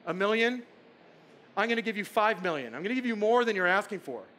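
A bright, high voice plays a stern old king with a big beard who questions sharply and lays down grand demands, as a speaker puts him on mid-talk. The delivery is imperious and clipped. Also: animated, quick pace. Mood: grandly demanding.

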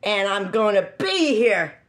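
A woman hosting her own cooking video, showing a home-made dish in a casual, exuberant way with frequent high whoops. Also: sing-song, measured pace, reverberant. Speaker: cooking channel host.

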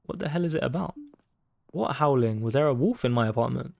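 Gravelly man swearing through a horror game. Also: medium pitch, expressive, fairly quick, a little mellow, no room sound. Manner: swears constantly, jumpy startled reactions; reads on-screen game text aloud. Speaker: gaming YouTuber. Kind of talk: horror game let's play commentary.

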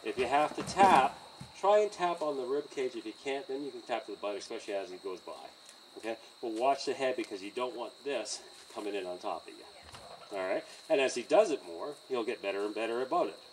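A man teaching horse handling outdoors by a trailer, in a calm coaching manner with frequent okays and chuckles. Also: mid-range voice, brisk, recorded from a distance, a little hiss or hum, low-quality recording. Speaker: horse trainer. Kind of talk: hands-on training demonstration.

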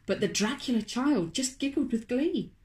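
A woman, a children's author, reading a picture book aloud to toddlers in a slow, expressive, sing-song way. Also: fairly high pitch. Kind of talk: storybook read-aloud for toddlers.

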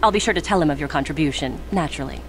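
A woman's voice: low voice, very fast, breathy edge. An actress voicing a scheming, ambitious female Sith student in a video game, clipped and self-assured. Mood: coolly defiant. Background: game music.

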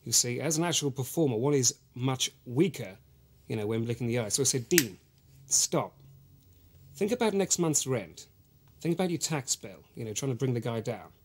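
A man's voice: mid-range voice, animated, normal speed, a little hiss or hum, close to an everyday voice. An actor playing a pretentious, self-regarding male actor, talking earnestly in a mock documentary interview. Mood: recounting. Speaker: actor in the series.

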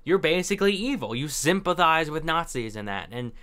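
A man's voice: a little high, big pitch swings, a little fast, bright, forceful tone. A young man hosting casual political commentary, reacting to articles in a chatty, sarcastic way with lots of filler words.

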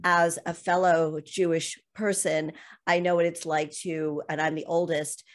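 A woman's voice: low-pitched, flat delivery, unhurried. A middle-aged woman hosting a podcast interview, asking questions and relating them to her own experience. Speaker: podcast host.

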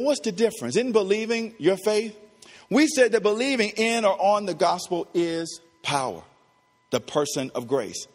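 A middle-aged man preaching a sermon, swinging between soft talk and loud emphasis, with casual asides to the congregation. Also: a little high, long reverb tail. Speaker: pastor. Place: church.

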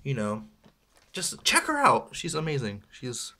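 A man's voice: medium pitch, wildly swooping pitch, measured pace, pushed and bright, a little hiss or hum. Male vlogger, mid-range voice, loose rambling chat with self-mocking asides. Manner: rambling, chatty, self-deprecating with small laughs. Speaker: toy unboxing vlogger. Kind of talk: casual unboxing chat.

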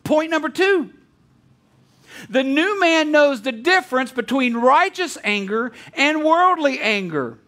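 A man preaching a sermon as pastor, animated and quick to laugh, acting out a story with voices. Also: extremely high pitch. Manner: animated, laughs often, tells stories with voices.

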